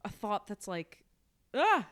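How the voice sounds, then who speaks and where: A woman's voice: fairly low pitch, animated, normal speed, fairly bright tone, smooth. A chatty woman co-hosting a book podcast, her voice rising and falling freely as she talks. She restarts her sentences often and laughs easily between thoughts. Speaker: podcast co-host. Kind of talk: casual book discussion.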